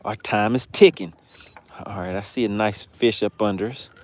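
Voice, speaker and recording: A man's voice: lowish voice, normal speed. A man from Georgia with a Southern accent, hosting a casual fishing livestream from a boat and chatting as he reads viewer comments. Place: on a boat on a lake outdoors.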